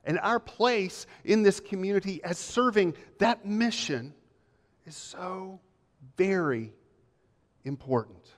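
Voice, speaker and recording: Pastor preaching in a reverberant church hall. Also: male voice, a little high. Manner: measured, emphatic, with repeated phrases and pauses. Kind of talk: sermon. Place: church sanctuary.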